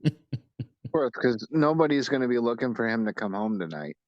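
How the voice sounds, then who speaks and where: A man's voice: medium pitch, expressive, no echo, lo-fi sound. A man co-hosting a casual podcast, cracking jokes and wisecracks. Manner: joking, throws in quick wisecracks. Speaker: podcast co-host. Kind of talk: casual chat with friends.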